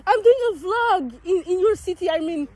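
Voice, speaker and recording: A young woman from France chatters in English with a French accent, her voice sitting very high. She teases and overreacts playfully as she films a casual street vlog. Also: a little fast, darkish tone. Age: young adult. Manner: bubbly, teasing, exaggerated reactions. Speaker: vlogger.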